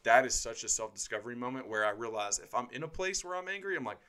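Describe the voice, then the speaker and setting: A man's voice: medium pitch, clean tone. A man co-hosting a podcast as a pastor, talking bluntly and with energy in casual chat. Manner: blunt, animated, quick to joke.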